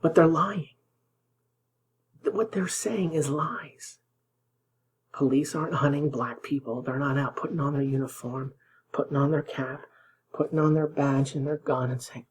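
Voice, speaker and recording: A man's voice: on the high side, measured pace, pauses often, a little hiss or hum, low-quality recording. Indignant man ranting over clips. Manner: indignant, sarcastic, drops to a whisper for emphasis. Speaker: political commentary host. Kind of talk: reacting to news clips.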